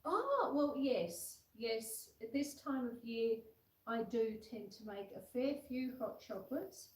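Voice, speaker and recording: Hosting a homestead livestream indoors, a woman sits with a puppy on her lap, cooing at it between casual chat and viewer comments she reads aloud. She speaks slowly in a slightly high, expressive voice. With the phone camera placed far back, the sound comes across roomy and distant.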